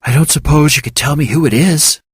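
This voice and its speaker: A man voicing a soft-spoken, sheepish young female office clerk who is easily impressed, in a fiction reading. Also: on the high side, fairly quick, husky, no echo, clean studio sound, pitched above the performer's own voice. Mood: soft, curious. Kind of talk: audiobook character voice.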